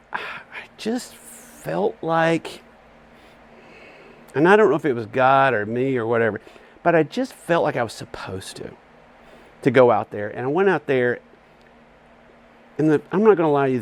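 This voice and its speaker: A man with an Alabama Southern accent, a guest animatedly telling stories on a front porch and laughing often. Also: medium pitch. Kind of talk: casual storytelling chat.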